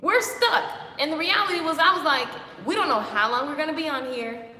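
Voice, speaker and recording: A woman giving a lively, chatty motivational talk on a live stream, greeting viewers by name. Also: high voice, fast, slight background noise. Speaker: motivational vlogger. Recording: echoey with long reverb.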